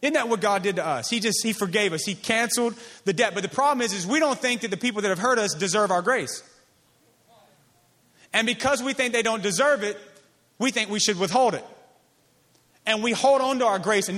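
A man with a fairly high voice delivers a sermon as a pastor. He stacks phrases in an emphatic, repeating cadence. On key lines he sinks to a soft, slow voice. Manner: emphatic, repetitive preaching cadence.

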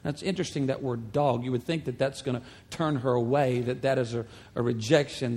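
A man preaching a sermon as a pastor, retelling the story in a conversational, animated way with humorous asides. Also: mid-range voice, a little fast, hardly any pauses, slightly rough. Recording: long hall reverb.

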